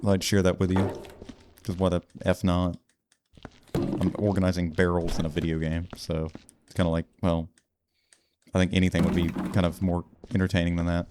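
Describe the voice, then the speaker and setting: A man's voice: sits low, fairly even intonation, moderate pace, background noise. A young man rambling and joking his way through casual gameplay commentary. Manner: rambling, jokey, puts on loud emcee shouts. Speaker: gaming YouTuber.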